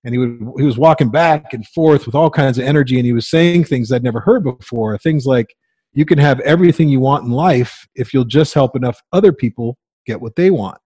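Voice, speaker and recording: A man in his forties tells a story as an interview guest, close to a dry mic. His pitch is middling and he throws himself into the voices of the people he quotes, laughing often. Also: a little fast, mellow, slightly rough, no room sound. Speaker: guest, coach and agency owner.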